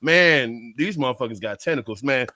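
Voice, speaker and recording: A man co-hosting a podcast in casual banter, loud and excitable, laughing often and swearing. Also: medium pitch, normal speed, no room sound, clean studio sound. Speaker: podcast co-host.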